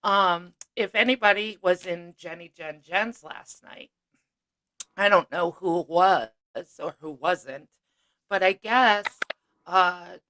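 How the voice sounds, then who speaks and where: Slow-talking bright-voiced woman host. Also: lowish voice, poor audio. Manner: easygoing, unhurried, with filler pauses. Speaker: host of a livestream. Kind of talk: casual chat.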